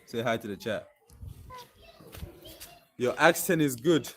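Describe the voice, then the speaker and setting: A man's voice: mid-range voice, expressive, takes it slowly, a bit bright, poor audio. A young man in his twenties from Nigeria with a mixed Nigerian and British accent, chatting casually on a live stream and dropping "like" and "bro" often. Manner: laid-back, fills with "like" and "bro".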